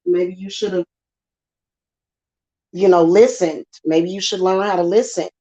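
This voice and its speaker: Sassy woman host, low-pitched, chatty, muffled lo-fi sound. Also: steady tone, measured pace, dark tone. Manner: chatty, sassy, repetitive fillers. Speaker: spiritual channel host. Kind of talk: casual monologue. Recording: dull lo-fi sound.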